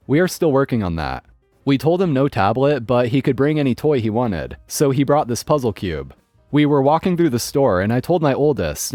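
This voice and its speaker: Lively male story narrator. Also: mid-range voice, dry recording. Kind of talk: scripted narration of online stories.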